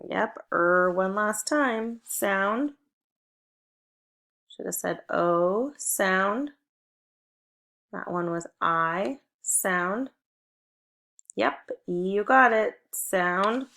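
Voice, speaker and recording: Teacher lady doing phonics drills for little kids, super slow and spaced out, bit of vocal fry. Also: medium pitch, fairly bright tone. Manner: slow, clear prompting with pauses. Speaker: first grade teacher. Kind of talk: phonics lesson for children.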